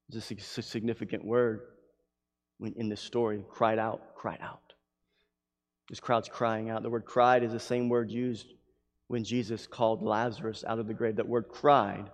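A man preaching a sermon who reads scripture aloud and swings from loud, emphatic lines to hushed ones. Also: mid-range voice. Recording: long hall reverb.

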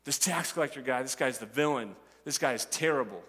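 A man preaching a sermon, animated and acting out the voices of the characters and the crowd. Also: medium pitch, a little fast, in a large hall. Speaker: pastor.

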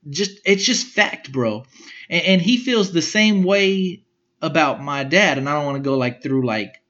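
A man's voice: a little high, lively intonation, unhurried, fairly bright tone, lo-fi sound. Rambling slangy man podcasting. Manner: rambling, slangy, swears often. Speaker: podcast host. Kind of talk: casual storytelling monologue.

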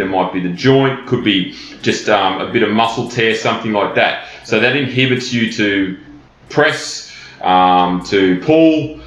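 A man hosting a solo fitness podcast, talking bluntly and casually with plenty of fillers. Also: on the low side. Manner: blunt, conversational, many fillers. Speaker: personal trainer and podcast host. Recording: roomy, dull lo-fi sound.

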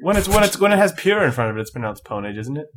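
A man co-hosting a casual podcast, making wry quick remarks and laughing a lot. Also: on the high side, very animated, a little hiss or hum. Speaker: podcast co-host.

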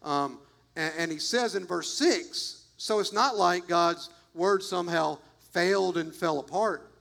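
A man's voice: high-pitched, measured pace, gravelly, a bit bright. A man preaching a sermon as pastor, emphatic and repetitive, talking straight to his congregation.

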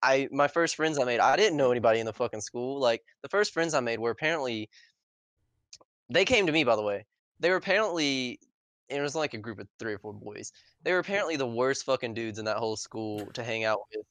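A young man in casual chat, an animated storyteller who swears often and acts out quotes loudly. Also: medium pitch, a little fast, no room sound.

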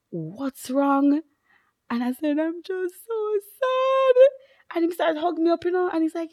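Lively, animated young woman. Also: on the high side. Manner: animated storyteller, laughs often. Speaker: podcast co-host. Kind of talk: casual chat.

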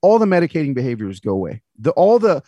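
Lively, husky man in his thirties. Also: a little high, quick pace, no room sound, muffled recording. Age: 30s. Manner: animated, acts out quoted people in his stories. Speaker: podcast guest and author. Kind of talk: personal storytelling in a conversation.

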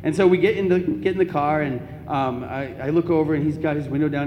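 A young man giving a Catholic talk to an audience, telling comic personal stories in an animated, joking way. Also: fairly high pitch, fairly quick, hardly any pauses, faint music behind. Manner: animated, comic storytelling with laughs. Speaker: Catholic speaker. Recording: echoey hall, faint ambience.

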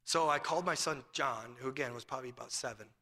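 A man's voice: medium pitch, quick pace, sharp tone, long reverb tail. A male pastor preaching a sermon, asking rhetorical questions and telling a family story.

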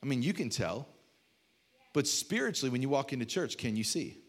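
A man preaching a sermon as a pastor, telling funny stories with sudden loud bursts. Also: fairly quick. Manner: storytelling with humor, animated swings from low to loud.

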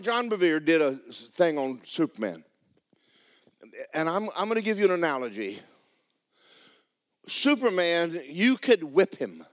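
A man preaching a sermon as pastor in a church, emphatic and repetitive, breaking into fervent shouted prayer. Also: fairly high pitch.

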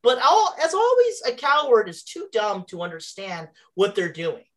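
A woman's voice: medium pitch, normal speed. A woman in casual chat telling a story with exasperated sarcasm, swearing and acting out both sides of an argument. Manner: animated, swears, acts out both sides of a dialogue. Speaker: storyteller on a talk show.

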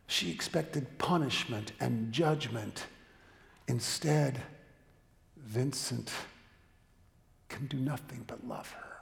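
A male pastor preaching a sermon with a story, dramatic, swinging from loud emphasis down to near-whispers. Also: medium pitch, slow, creaky, long pauses. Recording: echoey hall with long reverb.

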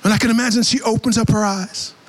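Young man, preacher, storytelling sermon, high lively voice, long church reverb. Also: quick pace. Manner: animated storyteller, drops low for quoted voices, rises to shouts.

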